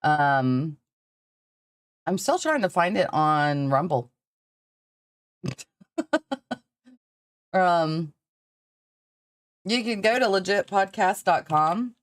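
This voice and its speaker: A woman with a low voice and a Southern accent hosts a podcast livestream, captured in a dry recording. She rambles casually, swears freely, and laughs often.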